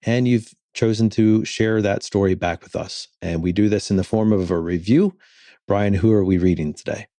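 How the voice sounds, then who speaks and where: A man hosting a podcast, speaking in a measured, earnest way as he chats and introduces the guest. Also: on the low side, warm tone, no echo. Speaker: podcast host.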